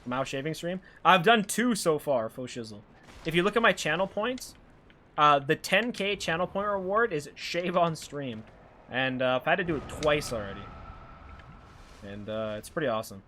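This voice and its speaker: A man's voice: fairly high pitch, expressive, normal speed, sharp tone, slight background noise. A young man from Alberta with a light Canadian accent, casually chatting with his stream chat while playing a game and reading questions aloud. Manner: rambling, reads chat aloud and answers it. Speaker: live-streamer.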